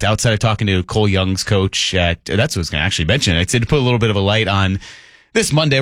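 A man's voice: medium pitch, fairly bright tone, no echo. A man co-hosting a morning sports radio show from a studio, joking and reading listener texts aloud in an upbeat way. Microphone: studio microphone.

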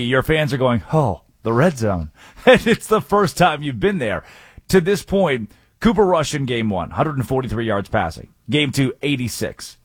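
A man's voice: medium pitch, a bit bright, husky, dry recording. A man hosting a sports radio show, energetically rattling off game stats.

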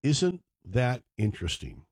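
Older guy doing a radio show, husky, all over the place with the pitch, keeps going off on tangents, dry sound. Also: wildly swooping pitch, unhurried, darkish tone, dry recording. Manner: rambling, digressive, joking asides. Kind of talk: casual talk radio monologue.

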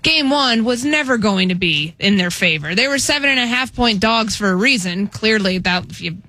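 Bright-voiced female panelist, dry close sound, confident and stat-heavy. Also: medium pitch, expressive, moderate pace, dry recording. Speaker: sports talk panelist. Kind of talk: casual sports debate.

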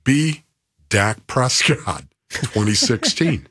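A man co-hosting a casual sports talk show, animated and coach-like, laying out his points. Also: on the low side, measured pace, breathy edge. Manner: animated, coach-like, mimics voices. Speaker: co-host.

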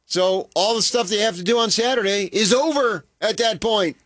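Male sports radio co-host, higher voice, animated and joking, dry studio sound. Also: moderate pace, no room sound. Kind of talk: casual sports talk.

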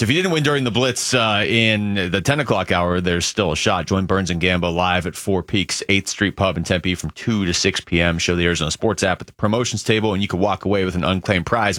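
A man's voice: on the low side, fairly bright tone, dry recording, clean studio sound. A man co-hosting sports talk radio, reading promos and bantering easily.

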